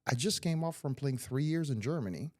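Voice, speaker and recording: A man's voice: medium pitch, expressive, a little fast, darkish tone, dry recording, clean studio sound. A middle-aged man from Montreal, a podcast guest telling stories animatedly with loose, slightly grammar. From Montreal, Canada. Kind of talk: casual interview storytelling.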